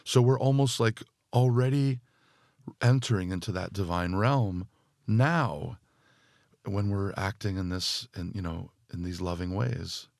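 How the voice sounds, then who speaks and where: A man speaking as a podcast guest and spiritual teacher, thoughtful and full of fillers, growing more animated as he explains. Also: deep voice, a little slow, creaky, no echo, studio quality. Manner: thoughtful, speaks in loose phrases with many fillers. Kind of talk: reflective podcast conversation.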